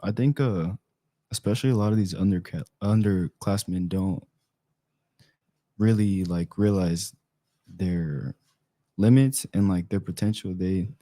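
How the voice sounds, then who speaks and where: Man, teenage football player, deep mellow voice, dry sound, hesitant, halting. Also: dry recording. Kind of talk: casual interview chat.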